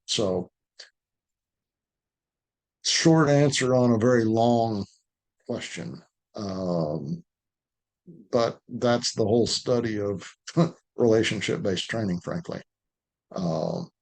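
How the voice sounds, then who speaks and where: Slow-talking man teaching dog training. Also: mid-range voice. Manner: relaxed, conversational, acts out what to say to the dog. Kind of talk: live online Q&A lesson. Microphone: video call.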